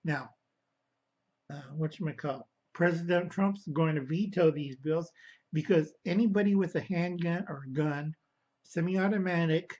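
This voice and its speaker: Slow, rambling man ranting to viewers. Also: on the high side, a little mellow, lo-fi sound. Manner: slow, rambling, stops to correct himself; angry, addresses viewers as kids. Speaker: vlogger. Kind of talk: casual political rant to camera.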